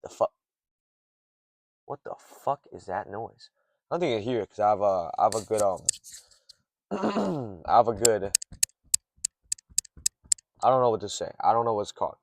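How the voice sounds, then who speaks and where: Low-voiced young man rambling in a car. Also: very animated, normal speed, pauses often, a little hiss or hum. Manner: rambling, swears often, drifts off topic. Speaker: streamer rambling to camera. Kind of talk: rambling late-night monologue. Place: parked car in a garage.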